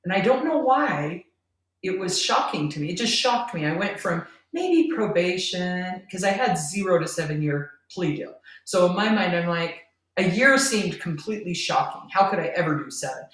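A woman's voice: on the low side, animated, normal speed, a bit bright. A middle-aged woman, a podcast guest, earnestly telling a personal story and laughing between lines. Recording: roomy, distant from the mic.

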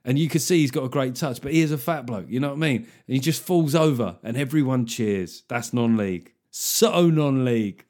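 A man's voice: mid-range voice, fairly quick, few pauses, darkish tone. A middle-aged man hosting a podcast, chatting casually and making puns. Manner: jokey, punning, conversational. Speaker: podcast host. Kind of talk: casual comedic chat.

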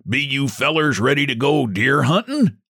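A man plays an easygoing backwoods hunting guide, drawling his tale slowly in rustic country speech, a shade higher than the narrator. A storybook character with a lively pitch. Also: slightly rough, no echo, clean studio sound, exaggerated voice. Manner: rustic dialect, slow and plain. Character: folksy backwoods hunting guide, slow-spoken.

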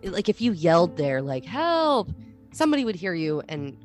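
A woman with a notably low voice chats as a podcast co-host, spinning stories with energy and acting out what people said. Faint music plays underneath. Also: normal speed. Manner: animated storyteller, acts out quotes. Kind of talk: casual chat.

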